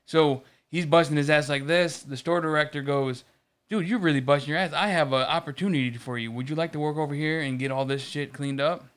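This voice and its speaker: A man's voice: on the high side, fairly even intonation, fairly quick, fairly bright tone, smooth. A man in casual chat, telling a long story about work with lots of restarts and swearing. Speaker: podcast co-host.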